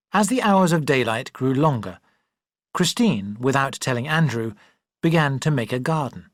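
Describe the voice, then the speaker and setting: Lively audiobook narrator reading a classic, close mic, super dry. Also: medium pitch, dry recording. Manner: expressive, shifting voices for characters. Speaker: audiobook reader.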